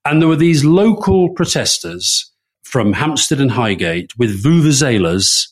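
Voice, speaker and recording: A man co-hosting a political podcast, telling an amused, animated anecdote in casual chat. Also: mid-range voice, unhurried, slightly rough. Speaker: podcast co-host.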